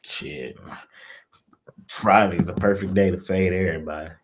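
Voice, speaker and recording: A man's voice: low-pitched, steady tone, measured pace. A man co-hosting a casual sports betting show, laying out his picks with slangy, laid-back banter.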